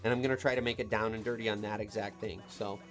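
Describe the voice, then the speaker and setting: A man's voice: fairly low pitch, steady tone, quick pace, fairly bright tone. A man who runs heavy equipment, hosting a casual live stream Q&A. He reads viewer comments aloud and answers them with loose, chatty advice, talking from an equipment cab with faint music behind.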